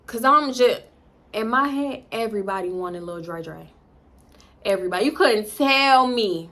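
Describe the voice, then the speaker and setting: A young woman telling a storytime to camera in casual chat, animated and jumping into loud high-pitched quotes. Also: normal speed. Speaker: storytime vlogger.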